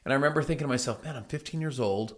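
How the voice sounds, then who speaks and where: A man's voice: mid-range voice, racing, fairly bright tone. A middle-aged man hosting his own show, telling a motivational story in an emphatic way and acting out the people he quotes. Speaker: host. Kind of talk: motivational monologue.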